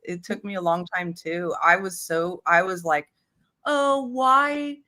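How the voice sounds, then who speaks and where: Hesitant woman guest, lowish voice. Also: level tone, normal speed, pushed and bright. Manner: hesitant, stammering restarts. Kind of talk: casual conversation.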